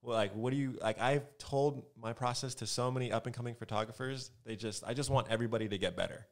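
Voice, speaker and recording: A young American man, a photographer guest, chatting casually and telling animated stories in a podcast interview. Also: medium pitch, fast. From United States. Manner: animated storytelling, acts out quoted voices.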